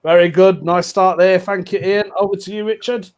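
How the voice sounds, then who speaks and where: A man's voice: high voice, fairly even intonation, moderate pace. A man hosting an online comedy show, chatty and jokey, laughing often. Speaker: host.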